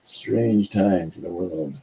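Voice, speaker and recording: Male co-host, deep voice with audible scratch, dark and husky, relaxed joking chat. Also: takes it slowly, rough recording. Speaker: podcast co-host. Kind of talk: casual chat while drawing.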